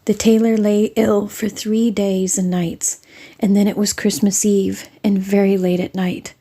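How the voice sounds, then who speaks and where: Soft, breathy woman reading a storybook. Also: medium pitch, level tone, a little slow. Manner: soft, half-whispered narration.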